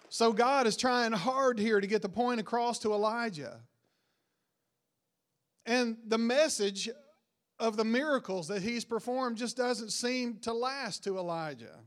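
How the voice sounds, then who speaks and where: Guy with a high voice retelling a bible story in a sermon, loud then quiet. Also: measured pace. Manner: storytelling, swings between raised emphasis and dropped quiet endings. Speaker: preacher.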